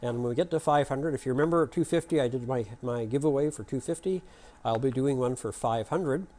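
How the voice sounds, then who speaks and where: A man's voice: mid-range voice, fairly quick, warm tone. A man hosting his own video channel, telling stories and jokes in a folksy, chatty, rambling way. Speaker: YouTube channel host. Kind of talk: casual storytelling and joke telling to camera.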